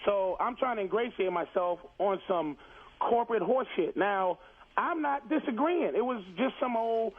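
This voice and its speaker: A man on a phone call into a radio show presses his version of events, retelling it again and again. His pitch runs fairly high, and the line is narrow and tinny. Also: moderate pace. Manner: insistent storyteller, keeps retelling and interrupting. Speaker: comedian calling in. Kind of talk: heated radio argument.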